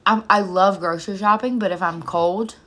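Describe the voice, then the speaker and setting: Laughing woman co-host in her thirties, bright, sharp tone, loose and profane, casual podcast banter. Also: mid-range voice, steady tone, moderate pace. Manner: laughs often, swears casually. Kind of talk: casual chat.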